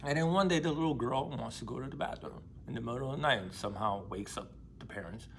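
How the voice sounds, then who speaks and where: A man's voice: mid-range voice, fast talker, a little hiss or hum. A young man casually retelling and discussing a novel, in a slangy, profane, emphatic way. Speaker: book discussion vlogger.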